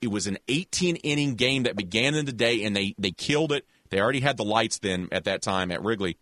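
Lively, low-voiced man telling a story. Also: a little fast, dry recording, clean studio sound. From American South. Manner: animated storyteller with many restarts, acts out voices. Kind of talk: casual storytelling chat.

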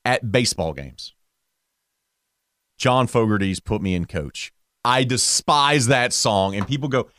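A middle-aged man co-hosting a casual sports talk show, ranting with animated jumps up in pitch for emphasis. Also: moderate pace, dry recording, clean studio sound. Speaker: co-host.

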